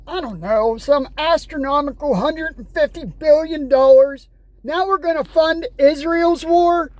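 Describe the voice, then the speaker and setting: High-voiced woman in an exasperated rant. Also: unhurried, a little mellow, no echo. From United States. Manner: ranting, exasperated, sarcastic; reads news headlines aloud. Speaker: vlogger. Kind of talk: angry political rant vlog.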